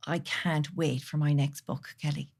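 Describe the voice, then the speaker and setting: Low-voiced woman talking heartfelt. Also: little pitch movement, measured pace. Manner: earnest, heartfelt, drops into soft near-whispers. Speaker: podcast guest. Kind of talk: candid conversational interview.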